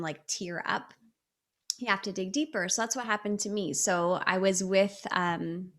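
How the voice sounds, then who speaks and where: A woman's voice: mid-range voice, a bit bright. A woman in her thirties, an interview guest, talking over a video call in an earnest, reflective storytelling way. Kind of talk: casual interview talk.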